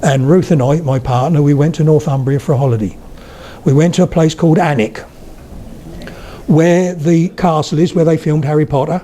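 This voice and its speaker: A man's voice: on the high side, fairly even intonation, normal speed, warm tone, a little hiss or hum. Older man giving a jokey accent talk. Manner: storytelling, demonstrates accents, chatty asides. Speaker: lecturer on accents. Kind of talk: humorous public talk. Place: hall with a live audience.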